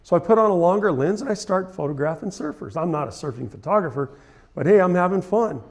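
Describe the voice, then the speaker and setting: A man's voice: high-pitched, expressive, quick pace, gravelly. Earnest middle-aged man telling a story. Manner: earnest, heartfelt, building to emotional peaks. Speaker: photographer giving a conference talk. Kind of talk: personal storytelling presentation. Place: conference hall stage.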